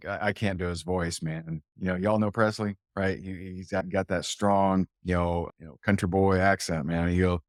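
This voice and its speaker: A man delivers a motivational talk to an audience as a business coach, leaning hard on rhetorical questions and repeated lines. His voice sits on the low side and sounds dry and close, with almost no room around it. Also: normal speed, hardly any pauses, no echo. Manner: emphatic, fires rhetorical questions, repeats phrases. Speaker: sales and business coach, show host.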